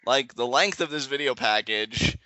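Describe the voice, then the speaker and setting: A young man chatting excitedly as a guest in a live reaction video, laughing often and rambling through restarts. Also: medium pitch, moderate pace, no room sound, highs cut off. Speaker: guest co-commentator. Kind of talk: casual live reaction chat.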